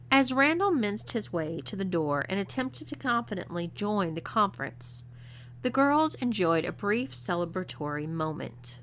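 A woman's voice: medium pitch, sing-song, normal speed, a bit bright, a little hiss or hum. A woman reading an adult story aloud as narrator. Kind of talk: audiobook reading.

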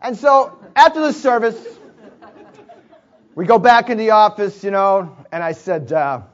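A man's voice: high-pitched, unhurried. A man pastor telling a personal story in a sermon, chatty, with frequent chuckles and asides. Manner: chuckles often, conversational asides. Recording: dull lo-fi recording.

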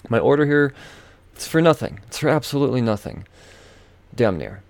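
A man's voice: mid-range voice, lively intonation, normal speed, gravelly, darkish tone, dry recording. A man hosting a podcast, telling a story in a casual, profane, exasperated rant. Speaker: podcast host.

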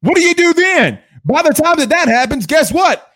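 High-voiced fired-up sports host. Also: male voice, sing-song, moderate pace, fairly bright tone. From Louisiana, USA. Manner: fired-up, combative, sarcastic. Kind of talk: livestream sports rant.

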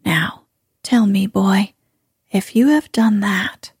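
A woman voicing a kind elderly grandmother in a slow, soft, breathy bedtime story reading. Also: mid-range voice, dry recording, clean studio sound, heavily acted. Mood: kind, coaxing.

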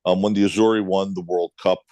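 A middle-aged man with a Brooklyn accent, a guest telling blunt, animated stories with some swearing in a casual interview. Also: sits low, quick pace, no echo. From United States. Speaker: guest, club owner.

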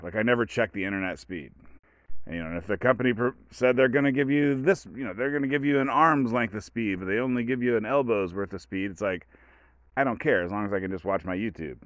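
A podcast host talks in a casual, rambling monologue, his voice on the low side and the recording dry. He keeps interrupting himself, restarting, and drifting into storytelling asides.

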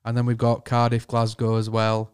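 A man's voice: mid-range voice, completely flat delivery, moderate pace, a little mellow, smooth, no echo, clean studio sound. A man in a band, chatting easily as a guest on a podcast. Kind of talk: casual chat.

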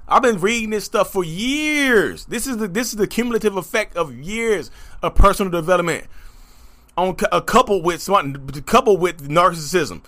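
A man talking straight to his audience in an emphatic, rapid, repeating monologue about his own journey. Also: high-pitched. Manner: animated, emphatic, rapid, repetitive. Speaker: content creator talking about narcissism. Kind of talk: animated direct-to-camera monologue.

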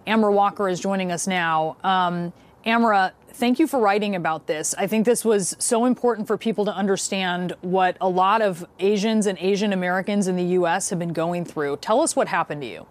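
A woman news anchor in a measured, formal delivery, introducing a story and a guest. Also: medium pitch. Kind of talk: TV news reading and interview.

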